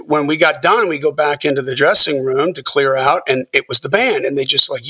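A middle-aged man, a music producer, telling animated stories as a podcast guest. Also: on the high side, moderate pace, few pauses, distant mic. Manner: animated, acts out quoted people. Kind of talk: storytelling interview.

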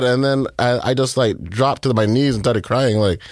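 A man telling a personal story in an interview, halting and full of fillers and repeats. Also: medium pitch, no echo, clean studio sound. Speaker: guest.

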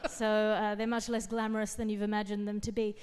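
A woman from Australia, a comedian guest on a comic podcast, telling absurd jokes in a deadpan way and laughing at her own lines. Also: medium pitch, in a large hall.

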